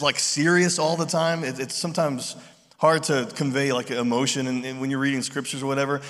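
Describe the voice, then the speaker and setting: Conversational pastor in a reverberant hall. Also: male voice, fairly high pitch, fairly quick. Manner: conversational, animated retellings with voiced quotes. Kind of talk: sermon. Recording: long reverb of a large hall.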